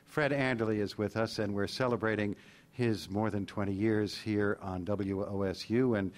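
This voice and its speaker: A man's voice: on the low side, steady tone, normal speed. An older man hosting a radio interview in front of a live audience, asking questions with a dry, teasing wit. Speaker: guest host, radio interviewer. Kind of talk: conversational interview. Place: live event before an audience.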